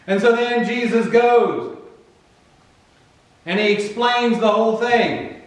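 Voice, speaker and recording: A man with a Virginian accent, preaching a sermon conversationally and acting out Bible figures in quick asides. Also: high-pitched. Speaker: pastor. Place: church. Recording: very echoey room, far from the mic.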